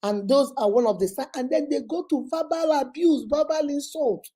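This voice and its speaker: A woman's voice: high voice, moderate pace, dark tone. A woman with a Nigerian accent giving emphatic, repetitive relationship advice to her viewers. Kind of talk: motivational talk to viewers.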